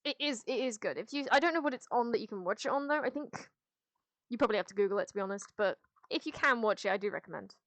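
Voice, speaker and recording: A woman's voice: a little high, animated, quick pace, a bit bright, no echo. Chatty woman streamer on a headset. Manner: rambling and candid, with frequent restarts and casual swearing. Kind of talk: casual livestream chat, answering chat.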